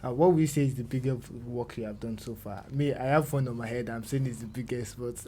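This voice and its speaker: A man's voice: medium pitch, fast talker, dark tone, a little hiss or hum. A man with a Nigerian accent hosting a podcast, who encourages his guest, laughs often and asks long questions. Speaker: podcast host. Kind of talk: podcast interview.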